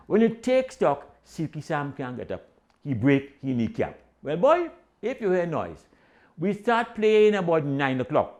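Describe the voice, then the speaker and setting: Lively Trinidadian male storyteller. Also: on the high side, unhurried. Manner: animated Caribbean-dialect storytelling with voiced quotes. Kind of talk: comic storytelling.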